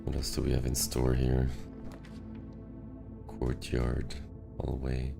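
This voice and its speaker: Swiss guy streaming a puzzle game, super low gravelly voice, music going behind him. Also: completely flat delivery, takes it slowly. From Switzerland. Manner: thinks aloud, self-mocking. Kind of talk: casual gameplay commentary.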